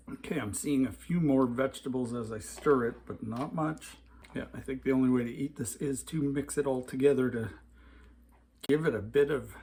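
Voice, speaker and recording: A man's voice: medium pitch, darkish tone, slightly rough. A man from North America giving a casual food review at home in his kitchen, blunt and openly disgusted.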